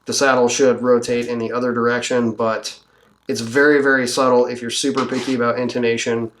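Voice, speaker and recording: A man who builds guitars walks through a setup at his workbench, relaxed and thinking aloud as he works. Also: mid-range voice, fairly quick. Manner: relaxed, thinking aloud while working, with fillers. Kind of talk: hands-on instructional walkthrough.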